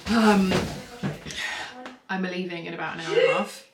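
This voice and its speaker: A woman in her thirties chatting casually to camera at home in a family vlog, reflective and talkative, with soft laughs. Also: lowish voice, moderate pace, gravelly, pauses often, a crowd in the background. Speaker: family vlogger.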